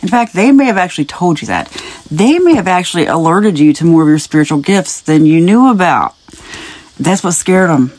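A woman's voice: on the low side, animated, moderate pace, a little mellow, no room sound. A woman giving a casual spiritual reading straight to the viewer. She chats and rambles, wanders into side stories and laughs lightly between thoughts. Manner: speaks directly to the viewer, wandering off into tangents. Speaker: spiritual message reader.

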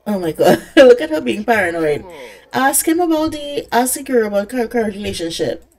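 A young woman talks over her life-sim gameplay in a casual, excitable way, scolding the characters and laughing often. Her voice sits a little high and swoops all over the place. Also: brisk. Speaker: gaming content creator. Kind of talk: casual let's-play commentary.

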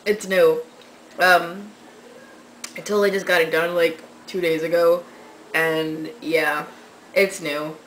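A young woman talks straight to her webcam from her bedroom, telling a story with sarcasm and blunt swearing. Her voice is bright and sharp, and a faint hiss of noise sits under the recording. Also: lowish voice, little pitch movement, slow, long pauses, low-quality recording. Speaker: vlogger. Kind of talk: casual storytelling vlog.

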